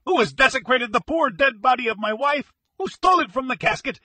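A man's voice: medium pitch, normal speed, fairly bright tone, breathy edge, no room sound. A man voicing a frantic, grief-stricken gray-haired older man who shrieks, rages and sobs. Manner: shrieking, raging, sobbing.

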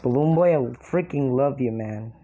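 A young woman giving excited gameplay commentary, exclaiming and laughing often as she plays. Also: rumbling low, normal speed, narrow, tinny audio. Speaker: mobile game player.

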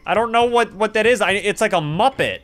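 Excitable high-voiced young man gaming. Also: a little fast. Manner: jumpy, talks to viewers, swings from muttering to yelling. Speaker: gaming YouTuber. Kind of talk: excited game commentary. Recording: faint game music behind.

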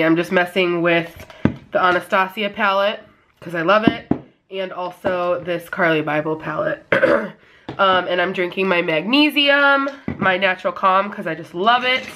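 A woman's voice: lowish voice, background noise. Chatty nasal young woman vlogging. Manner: chatty and rambling, many "like"s. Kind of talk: casual chat to camera. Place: at home, indoors.

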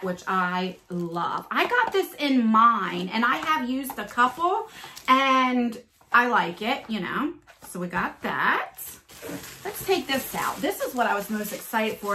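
A middle-aged woman chatting casually to her viewers as she unboxes subscription boxes, laughing easily and filling pauses with "um" and "you know.". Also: fairly high pitch, sharp tone, slight background noise. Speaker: beauty subscription box reviewer.

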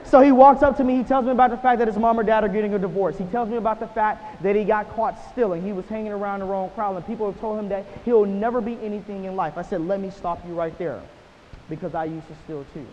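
A man giving a motivational keynote to students, telling stories with rhetorical "right?" tags and swinging from quiet lines to loud ones. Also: high voice, steady tone, fast. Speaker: motivational speaker. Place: large school auditorium. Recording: hall reverb, dull lo-fi sound, faint hiss.

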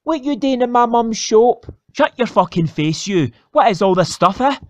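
A man's voice: very high-pitched, lively intonation, normal speed, dry recording. A man with a Scottish accent doing crude, sweary comedy voices for a parody. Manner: sweary, brash. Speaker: comedy voice actor.

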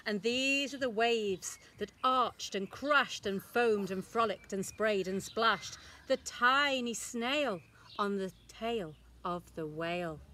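A woman infant school teacher reading a rhyming picture book aloud to young children, slow, sing-song and expressive, leaning into the rhymes. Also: medium pitch, a little hiss or hum.

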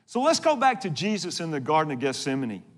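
A man preaching from the pulpit with a high voice. He tells the story with earnest drama and rises and falls with the telling. He often turns to ask his listeners direct questions. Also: wildly swooping pitch, fast. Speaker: pastor. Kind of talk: sermon.

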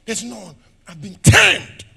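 A middle-aged Nigerian pastor preaching a fiery sermon in a church, shouting, laughing and firing questions at the congregation. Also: male voice, sits high, wildly swooping pitch, takes it slowly, vocal fry.

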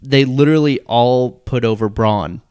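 A man's voice: mid-range voice, moderate pace, darkish tone, clear, resonant tone, dry recording. A man hosting a wrestling podcast, steering the casual chat with dry remarks. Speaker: podcast host.

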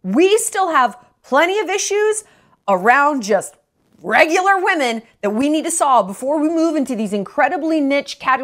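A woman's voice: high voice, very animated, normal speed. A woman in her late thirties giving a blunt, profane, sarcastic movie review rant on her vlog, mocking other people's voices. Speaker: vlogger.

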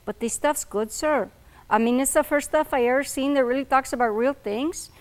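A woman voicing a quiet young male college student who speaks earnestly and casually, pleading his case. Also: sits high, moderate pace, close to an everyday voice.

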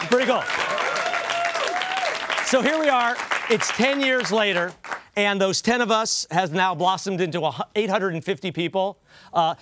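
High-voiced man doing a wry monologue. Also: a bit bright, dry recording. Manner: wry, joking, quotes others with mock emphasis. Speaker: host. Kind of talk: comedic news monologue.

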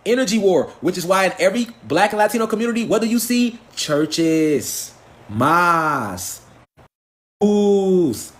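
A man's voice: high voice, animated, measured pace. Profane, preachy man ranting live. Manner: profane, preachy, fires rhetorical questions. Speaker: live stream lecturer. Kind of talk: impassioned live stream rant.

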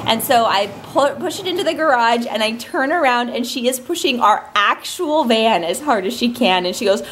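A woman's voice: a little high, lively intonation, normal speed, hardly any pauses, a bit bright, poor audio. A woman in her thirties, a mother hosting a casual family vlog, chatty and laughing often.

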